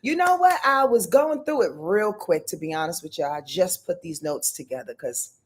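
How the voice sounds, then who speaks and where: A woman's voice: fairly low pitch, expressive, normal speed, breathy edge. A tired, effusive woman, hosting a casual astrology livestream from home and greeting viewers by name between frequent laughs.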